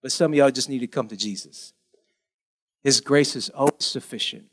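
A man preaching a sermon as pastor, animated, acting out pleading voices in a high whine. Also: normal speed, slightly rough.

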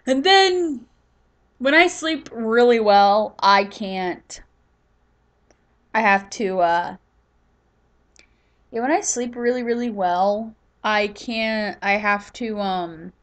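A woman's voice: mid-range voice, expressive, takes it slowly, long pauses. Tired, chatty woman narrating her gameplay. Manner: chatty, rambling, talks to herself. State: tired, yawning. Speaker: gaming YouTuber. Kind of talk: casual gameplay commentary.

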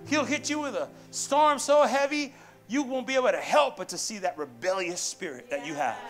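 A pastor preaches in a church sanctuary with music playing behind him, punchy and playful, using call-and-response and playful asides with the congregation. His voice sits high, with a moderate pace and a fairly bright tone.

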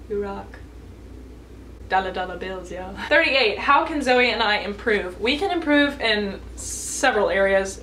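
A woman's voice: mid-range voice, fairly bright tone, slight background noise. An eighteen-year-old American woman answering viewer questions in a casual vlog, bubbly and chatty, giggling between answers. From United States. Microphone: camera mic.

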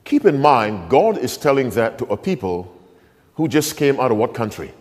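A man preaching a sermon as pastor, slowing down and stressing key phrases while quizzing his congregation. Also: mid-range voice, sing-song. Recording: long hall reverb.

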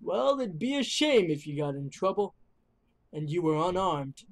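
A gamer voicing a gentle, folksy middle-aged father in a video game, reading slowly in a lower voice. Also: very animated. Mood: fond, folksy. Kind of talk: reading game dialogue aloud.

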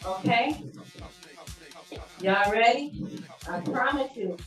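A woman's voice: fairly high pitch, expressive, takes it slowly, far from the mic. Encouraging woman coach in an echoey room. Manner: upbeat, encouraging, calls out moves. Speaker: fitness coach. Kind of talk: leading a workout class. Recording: roomy echo, from off-mic, faint music.

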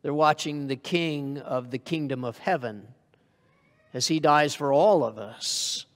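A man preaching a sermon with a somewhat high voice. He talks in a conversational way and asks his congregation questions. His voice carries a long reverb from the church hall. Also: unhurried.

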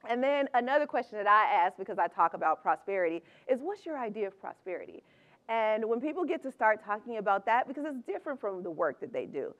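A woman's voice: mid-range voice, very animated, quick pace, a bit bright, lo-fi sound. A middle-aged woman giving a chatty, upbeat conference talk, laughing often between her points. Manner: upbeat, conversational. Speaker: conference speaker.

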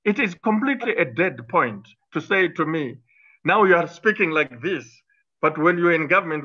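A man's voice: on the high side, big pitch swings, normal speed, pushed and bright. Combative man, lo-fi sound. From Zimbabwe. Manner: combative, emphatic, many fillers and restarts. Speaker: interview guest, former cabinet minister. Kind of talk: political interview talk.

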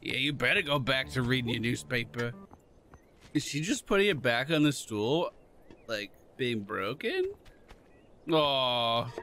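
A man giving casual let's-play commentary, excitable, swearing and shouting at game characters. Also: medium pitch, measured pace, long pauses. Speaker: gamer playing a goose game.

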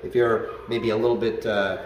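A man working as a dog trainer explains things to a class in an animated way. He often checks in with "okay?" and "right?". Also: lowish voice, normal speed, distant mic, a little hiss or hum. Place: dog training facility, indoors. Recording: roomy echo, set back from the mic.

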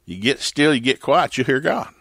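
A man's voice: medium pitch, animated, normal speed, creaky, fairly bright tone, no room sound, clean studio sound. An older man telling stories in a casual, laughing way as a pastor and podcast host. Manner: folksy, laughing, acts out voices in stories. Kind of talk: casual storytelling chat.

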